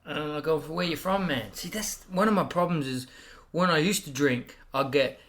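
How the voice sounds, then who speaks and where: An Australian man and comedian, telling profane, animated stories in a casual chat and getting loud when he acts out what people said. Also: fairly high pitch, moderate pace. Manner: loud bursts when acting out quotes. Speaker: guest comedian.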